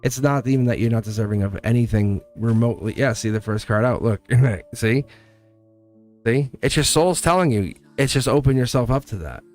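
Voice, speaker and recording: A man doing a live tarot reading, talking straight to the viewer with warm encouragement and lots of repetition. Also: mid-range voice, normal speed, soft background music. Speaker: tarot reader.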